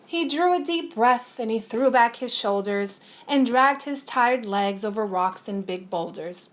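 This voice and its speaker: A woman reads a rhyming children's book aloud with a steady, lilting rhythm. Her voice sits a bit high for a woman and stays clear and friendly to follow. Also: a little slow, hardly any pauses. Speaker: storybook reader.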